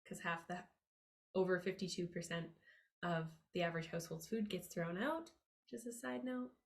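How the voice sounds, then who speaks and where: A woman hosting a podcast, giving a motivational money-mindset monologue in an upbeat, emphatic and earnest way, her pitch leaping up on key words. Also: normal speed, vocal fry. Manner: earnest, confiding tone with listeners. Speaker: podcast host.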